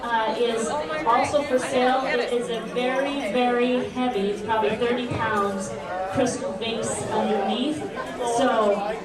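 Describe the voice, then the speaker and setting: A woman running a live auction at an evening gala, briskly calling out bids and prices. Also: fairly high pitch, steady tone. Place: large hall at an evening gala. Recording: roomy hall, distant, loud crowd.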